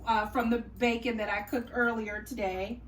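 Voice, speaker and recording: A woman's voice: on the high side, level tone, normal speed, echoey room. A woman hosting a cooking tutorial in a chatty, folksy way. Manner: chatty, folksy, says y'all and honey. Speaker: cooking channel host. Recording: distant mic, faint room noise.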